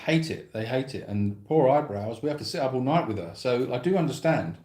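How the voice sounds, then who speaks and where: A man's voice: medium pitch, lively intonation, a little fast, warm tone. A man co-hosting a live animal sanctuary stream, chatting in a silly, playful way. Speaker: sanctuary co-host. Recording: echoey room.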